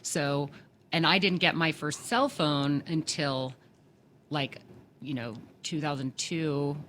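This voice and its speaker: A woman's voice: low-pitched, slow pace, fairly bright tone, slight background noise. A woman in her forties hosting an interview, chatty and thinking aloud as she talks. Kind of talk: conversational interview.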